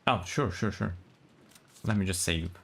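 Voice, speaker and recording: A man's voice: deep voice, unhurried, vocal fry, husky. A man streaming with a friend, reading a visual novel aloud and chatting casually with many restarts. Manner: relaxed, hesitant, many restarts.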